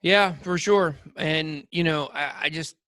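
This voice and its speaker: Chatty man with a higher voice. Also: measured pace, sharp tone, no room sound, studio quality. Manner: rambling, jokey storyteller with many fillers. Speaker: podcast co-host. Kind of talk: casual chat.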